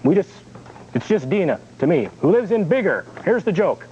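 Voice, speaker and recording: A man's voice: high voice, normal speed. A man hosting a TV show, reading out viewer jokes and local announcements in a chatty, jokey way. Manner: chatty, jokey, animated delivery. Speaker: kids' TV show host. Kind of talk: on-air joke reading and announcements. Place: TV studio. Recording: dull lo-fi 1980s VHS TV recording with faint hiss.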